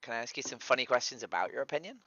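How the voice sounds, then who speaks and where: Streaming as a vegan activist, this man speaks in a mid-range voice that is animated, racing and sharp, with no echo on the dry lo-fi stream audio. He keeps repeating his opener and asks probing questions over voice chat, street-outreach style.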